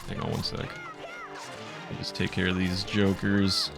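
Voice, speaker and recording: A man's voice: low-pitched, monotone, measured pace, gravelly, music in the background. A man streaming a video game live, chatting and rambling casually with viewers.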